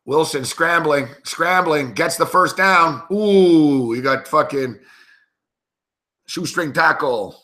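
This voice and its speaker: A tipsy sports betting show host recounts a night of drinking between game calls, spinning a rambling, profane story with plenty of laughs. His voice is a little high, pushed and bright, with lively intonation and a slow pace.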